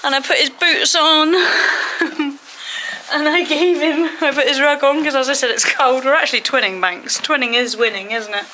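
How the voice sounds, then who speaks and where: Lady in a stable talking softly to her horse, teary, light hiss behind. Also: high-pitched, moderate pace, poor audio. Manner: chatty, affectionate, talks fondly to her horse. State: emotional, near tears. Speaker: vlogger. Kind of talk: casual vlog chat. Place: outdoors and in a stable at a horse event.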